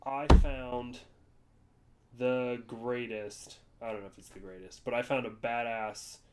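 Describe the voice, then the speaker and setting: A man from the United States chats on a podcast at an ordinary middle pitch. He rambles through his stories in a loose, casual way. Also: fairly even intonation, measured pace, heavy background noise. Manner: rambling storyteller, jumps to high-pitched voices for quoted people. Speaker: podcast co-host. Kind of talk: casual chat.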